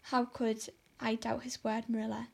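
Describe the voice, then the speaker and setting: A woman reading an audiobook speaks as a dramatic young girl full of tragic feeling. She pleads and laments in overwrought phrases, in a fairly high voice with a flat melody. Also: normal speed, vocal fry, husky. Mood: pleading. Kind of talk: audiobook character voice.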